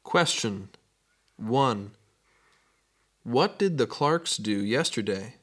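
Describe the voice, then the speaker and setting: A man reading numbered exam questions in a measured, plain way. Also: mid-range voice, animated, fairly bright tone.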